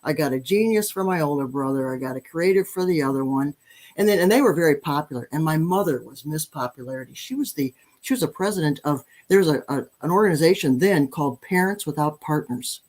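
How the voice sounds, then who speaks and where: Animated woman in her sixties telling stories. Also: deep voice, quick pace. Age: 60s. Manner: animated, self-deprecating, many restarts. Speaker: podcast guest. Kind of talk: storytelling in conversation.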